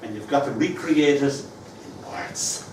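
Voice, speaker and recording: A man's voice: medium pitch, slow pace, a little hiss or hum. Older Irish man reading poems in an echoey room. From Ireland. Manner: playful, joking banter between dramatic recited verse. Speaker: poet. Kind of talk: live poetry reading. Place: room with a live audience. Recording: echoey room, mic at a distance.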